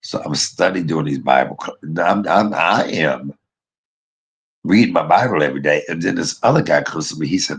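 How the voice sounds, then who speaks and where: A man casually telling a personal story to his viewers, animated, blunt and profane, laughing at himself as he goes. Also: extremely low pitch, normal speed, creaky, breathy edge. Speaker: vlogger.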